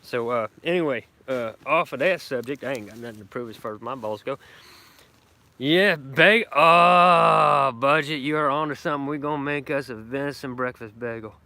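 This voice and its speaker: Brash, profane country man, bright voice. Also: medium pitch, quick pace, few pauses. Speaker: bushcraft vlogger doing a live stream. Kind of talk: rambling casual live-stream chat. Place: outdoors at a woodland camp.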